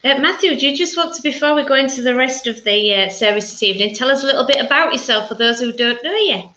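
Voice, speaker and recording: A woman with a South Yorkshire accent leading prayers and hosting an online church service, measured and reverent in prayer, chatty in between. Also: high-pitched, expressive, pushed and bright. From South Yorkshire, England. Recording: roomy, dull lo-fi video call audio.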